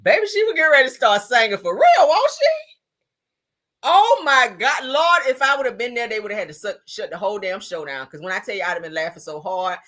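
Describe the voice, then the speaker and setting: Sassy, lively gossip host woman. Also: on the high side, a little fast. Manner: loud laughing reactions, sassy exclamations. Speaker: commentary channel host. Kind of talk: casual gossip commentary.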